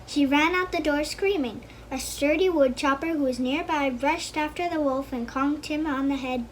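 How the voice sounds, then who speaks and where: A woman reads a children's story aloud in a high voice. She makes small slips now and then as she reads. There is faint noise behind her. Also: moderate pace, low-quality recording.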